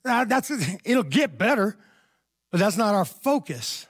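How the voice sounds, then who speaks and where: A man's voice: high-pitched, very animated, a little slow. A male pastor preaching a sermon in a church, telling a story in a conversational way and calling for amens.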